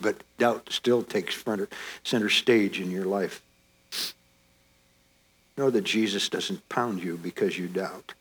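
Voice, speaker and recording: A man preaches a sermon in a low, husky voice, taking it slowly and pausing often. He speaks earnestly and directly to his listeners, asking rhetorical question after rhetorical question.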